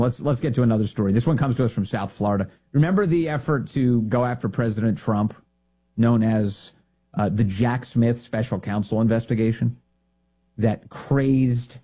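A man's voice: medium pitch, warm tone, husky. A middle-aged man hosting a live political commentary show, combative and mocking, calling opponents names.

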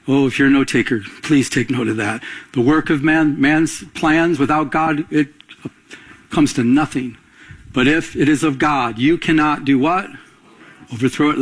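A man's voice: medium pitch, husky, rough recording. A man preaching a sermon, telling stories and calling for responses from the congregation. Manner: call-and-response preaching, rising emphatic. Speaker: pastor.

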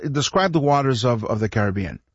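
A man's voice: medium pitch, expressive, a little fast, husky, no room sound, muffled recording. A Canadian man co-hosting a radio talk show, telling a travel story in a rambling way, repeating words and chuckling as he goes. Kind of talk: casual radio chat, storytelling.

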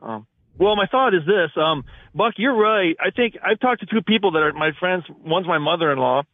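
A man's voice: high voice, animated, normal speed, dry recording. A man from Michigan calling in to a radio talk show, talking in an indignant, rambling way with restarts. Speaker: caller. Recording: phone-line call.

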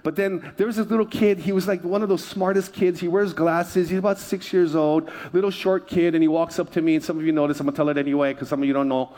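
A middle-aged pastor from Hawaii preaching a sermon in a relaxed, joking, conversational way, often repeating his phrases. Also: on the high side, fast, hardly any pauses.

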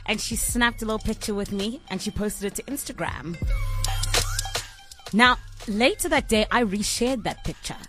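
A woman's voice: medium pitch, normal speed, music in the background. A young woman hosting a radio show, telling a story with playful, teasing energy. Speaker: radio host.

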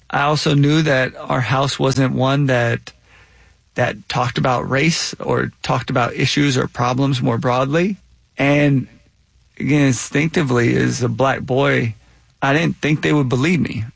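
A man answering interview questions in a reflective, measured way as a guest author. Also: medium pitch, gravelly, dry recording.

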